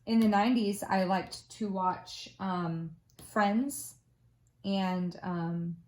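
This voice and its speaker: A woman's voice: mid-range voice, steady tone, slow pace, darkish tone. A woman in her forties chatting casually in a crafting vlog, rambling through stories with lots of ums and uhs. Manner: rambling storyteller with many fillers. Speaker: crafting vlogger. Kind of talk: casual chat.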